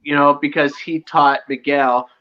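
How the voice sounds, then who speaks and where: A man co-hosting a casual live show chat, talking excitedly and acting out scenes as he goes. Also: fairly high pitch, unhurried, lo-fi sound. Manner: excitable, reenacts scenes with loud impressions. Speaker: show co-host.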